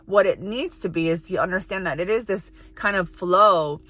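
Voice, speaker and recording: A woman's voice: fairly low pitch, normal speed, a bit bright. A woman in her thirties, a psychic and healing coach, talking casually and earnestly about inner healing, reassuring and rambling with many fillers. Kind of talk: casual spiritual talk to camera.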